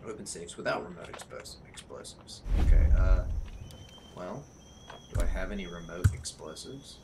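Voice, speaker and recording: Joking gamer man over loud game noise. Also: sits low, expressive, moderate pace. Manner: joking, rambling, self-deprecating. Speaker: gaming YouTuber. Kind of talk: casual let's play commentary.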